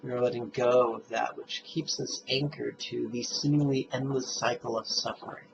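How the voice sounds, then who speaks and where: A man teaching meditation, speaking in slow, deliberate, emphatic phrases as he gives instruction. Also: medium pitch, steady tone, vocal fry. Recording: dull lo-fi recording with faint noise.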